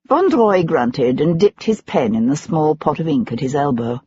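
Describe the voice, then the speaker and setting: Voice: mid-range voice, lively intonation, normal speed, few pauses, a little mellow, a little hiss or hum. An audiobook narrator reading a period mystery in scripted narration. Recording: dull lo-fi audiobook recording.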